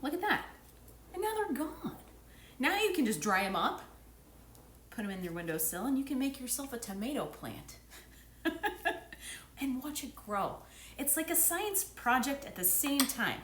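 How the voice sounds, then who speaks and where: A woman cooking in her kitchen talks straight to her viewers in a bright, playful way, teasing herself as she goes. Her pitch is a bit high and swings all over the place. The room sounds echoey, and a faint hiss sits under her voice. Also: big pitch swings, moderate pace, long pauses. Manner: chatty, playful, self-teasing asides. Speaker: cooking vlogger. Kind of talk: casual cooking demo chat. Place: home kitchen.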